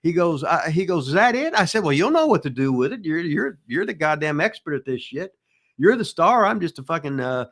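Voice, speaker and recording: This older man's voice is fairly high-pitched with a fairly bright tone. Answering listener questions as a retired pro wrestler, he spins profane, wandering wrestling stories in a casual chat, restarting often and adding folksy asides.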